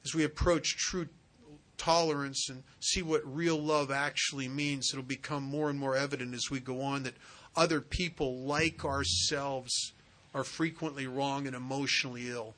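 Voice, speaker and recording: A man's voice: mid-range voice, fairly even intonation, normal speed, fairly bright tone. A man speaking at a recovery meeting as a sponsor, telling a personal story in an earnest, conversational way.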